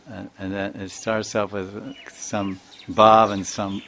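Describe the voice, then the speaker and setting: A man's voice: on the low side, level tone, slow, creaky, few pauses, a bit bright. An older man giving an informal spiritual talk, chuckling often and repeating words as he sounds them out. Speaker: spiritual teacher.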